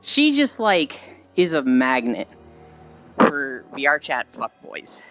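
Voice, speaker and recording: Sweaty tired streamer talking while walking, lots of sighs, kinda muffled audio, quiet music behind. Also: medium pitch, big pitch swings, takes it slowly. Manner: chatty storyteller with frequent tired sighs. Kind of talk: casual rambling chat while walking on stream.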